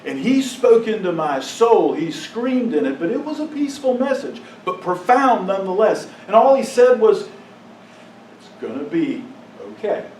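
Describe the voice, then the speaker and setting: High-voiced man giving an emotional testimony. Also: expressive, a little hiss or hum. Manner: emotional storytelling, rising to impassioned outbursts; drops to a hushed, halting voice at painful moments. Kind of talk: personal testimony to a congregation. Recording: echoey room, mic at a distance.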